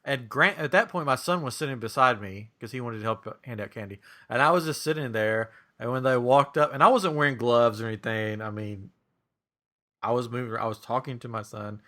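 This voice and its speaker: A man's voice: medium pitch, a little fast. A middle-aged man co-hosting a casual podcast, telling stories with lots of laughter and putting on a raised voice for the people he quotes. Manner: animated, acts out quotes in a raised voice, laughs often. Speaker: podcast co-host. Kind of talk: casual chat, storytelling.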